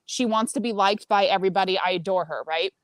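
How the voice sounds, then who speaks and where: Blunt, animated woman guest, dry sound. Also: medium pitch, quick pace, no echo. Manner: blunt and animated, swears freely. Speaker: podcast guest; senior marketing director. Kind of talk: casual storytelling chat.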